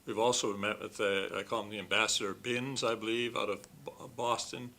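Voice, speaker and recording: A man's voice: fairly low pitch, flat delivery, fairly quick, bright, forceful tone. A man on a commission who asks a witness courteous questions at a meeting and thinks aloud as he goes. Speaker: commission member.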